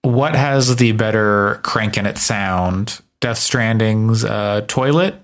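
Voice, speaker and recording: A man co-hosting a casual gaming podcast, cutting in with dry jokes and comparisons. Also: lowish voice. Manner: wry, quick with jokey comparisons. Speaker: podcast co-host. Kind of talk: casual chat.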